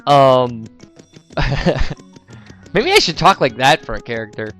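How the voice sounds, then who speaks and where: A man's voice: medium pitch, very animated, slow pace, a bit bright, soft background music. A young man giving casual, rambling gameplay commentary, full of "um"s and joking asides. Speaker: let's player.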